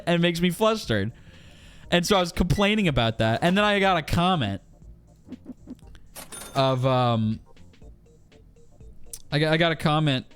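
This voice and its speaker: A man's voice: on the high side, fairly bright tone. A man with a strained throat, chatting casually and ranting with exasperation to his live-stream audience while he plays, swearing freely.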